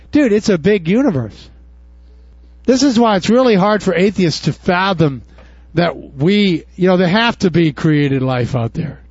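A man preaching with a high, very lively voice that leaps up in bursts and drops to a murmur. His talk is casual and folksy. The sound is dry and dull, slightly lo-fi. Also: no echo. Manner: animated preaching, swings from loud high bursts to low murmurs; casual, folksy, says "dude" and "y'all". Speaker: pastor. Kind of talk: sermon.

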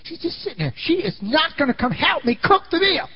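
A man preaching in a dramatic, storytelling style, his high voice leaping up and down as he acts out the scene. He often turns to the audience with questions. The recording is dull and lo-fi. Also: very animated, fairly quick. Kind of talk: storytelling sermon.

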